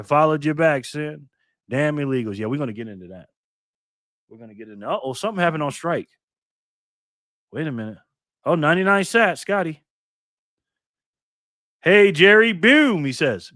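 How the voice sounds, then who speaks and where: Laughing often, a relaxed, upbeat man reads his livestream viewers' comments aloud and hypes them with repeated "boom"s. The voice is a bit bright, and the clean studio sound carries no room sound.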